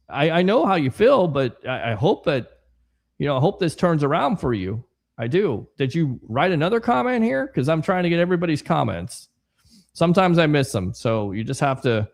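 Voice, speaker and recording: A man hosting a casual sports livestream, chatting and reading viewer comments aloud with rambling asides. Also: on the high side. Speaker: sports podcast host.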